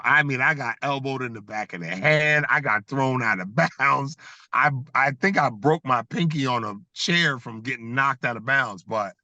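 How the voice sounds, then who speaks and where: A middle-aged former basketball player, a guest on a casual podcast, telling animated stories and laughing between them over a video call. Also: male voice, medium pitch, no room sound. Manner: animated storyteller who laughs between anecdotes.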